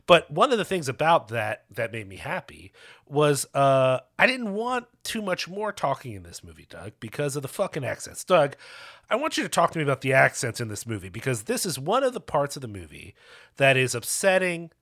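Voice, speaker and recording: Animated man co-hosting a film podcast. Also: medium pitch, brisk. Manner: animated, swearing, talks in bursts. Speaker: podcast co-host. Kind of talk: casual chat.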